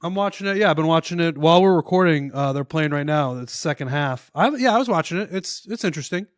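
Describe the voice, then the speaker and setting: A man from the Midwest co-hosting a podcast, talking relaxed with small restarts. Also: a little high, quick pace, no room sound, clean studio sound. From American Midwest. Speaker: podcast co-host. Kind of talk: casual chat.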